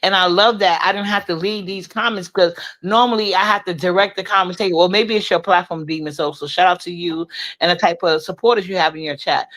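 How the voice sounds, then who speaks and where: A woman's voice: on the low side, steady tone, fairly quick, a bit bright. A woman on a livestream panel, insisting on her turn to speak and pushing back firmly but politely during a heated argument. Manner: insistent, clipped, politely firm.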